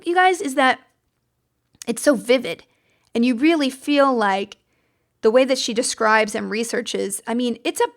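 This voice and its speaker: An American woman hosting a podcast, talking casually and enthusiastically, rambling a little with fillers and restarts as she goes. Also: mid-range voice. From United States. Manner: chatty and enthusiastic, rambling with fillers and self-corrections. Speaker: podcast host. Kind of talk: casual book-recommendation chat.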